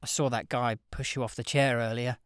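A man's voice: mid-range voice, fairly even intonation, fairly quick, smooth, dry recording, clean studio sound, natural voice. A narrator voicing George, an awkward, polite young man who stammers when flustered, in an audiobook.

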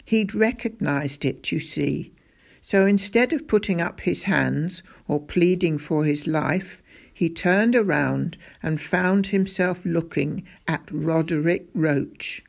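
A woman reading a children's novel aloud in measured narration. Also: on the low side, gravelly. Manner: measured storytelling. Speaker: audiobook narrator. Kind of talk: scripted narration.

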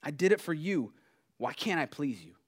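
A man voicing a hurt, indignant Peter who loudly protests in a raised voice. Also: very animated, normal speed. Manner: high, loud, protesting. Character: indignant, hurt adult male disciple Peter.

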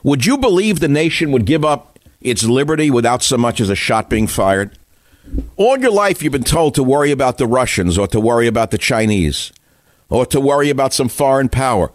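A man's voice: mid-range voice, animated, normal speed, no room sound, studio quality. A man hosting a radio talk show, delivering an indignant monologue full of rhetorical questions.

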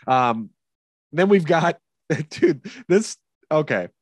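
A man's voice: on the high side, lively intonation, slow, no echo. A man hosting a podcast in casual chat, rambling and cursing with many fillers. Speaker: podcast host.

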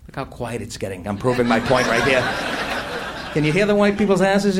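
A man's voice: mid-range voice, sing-song, a little fast, a loud crowd. A man performing a stand-up routine on a comedy club stage, brash, profane and mocking. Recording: live club recording with noise. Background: audience laughter.

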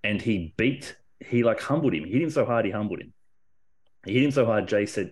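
A man with a low voice in loose, excited conversation. He rambles, breaks off and restarts his sentences, and swears casually as he gets carried along. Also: normal speed, pauses often. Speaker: podcast co-host. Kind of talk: casual wrestling discussion.

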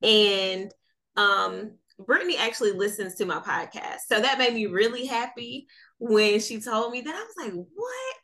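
A woman from North Carolina with a Southern accent runs a casual podcast interview at normal speed, her mid-range voice steady and sharp in tone. She stays chatty and upbeat and laughs often.

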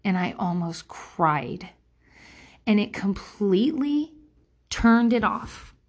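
A middle-aged woman speaking as a parent, talking frankly and casually, rambling off topic, cursing freely and acting out quotes in different voices. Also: on the high side. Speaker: parent sharing advice. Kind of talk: candid casual monologue.

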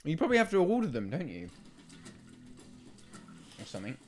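Teasing young man, lively voice. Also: fairly high pitch, a little fast. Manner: teasing, chatty. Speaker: co-host playing a game. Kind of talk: casual chat.

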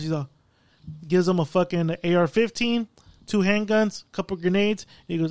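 A man co-hosting a podcast, recapping a movie in a profane, animated storytelling style. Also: high voice, moderate pace, no echo. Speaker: podcast co-host. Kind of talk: casual chat, movie recap.

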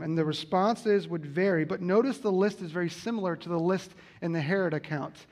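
Male pastor, high-pitched, earnest sermon delivery with repeated key lines. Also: brisk, few pauses, darkish tone.

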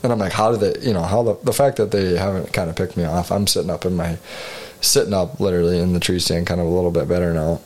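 A man's voice: deep voice, steady tone, fast, a little mellow. A man co-hosting a podcast, rambling through a hunting story in casual chat with frequent swearing. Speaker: podcast co-host.

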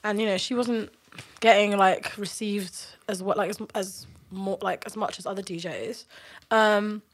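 A young woman with a croaky, nasal voice, chatting bluntly as a DJ guest on a podcast. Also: medium pitch, fairly even intonation, measured pace. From London. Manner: blunt, laughing, full of London slang. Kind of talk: casual chat.

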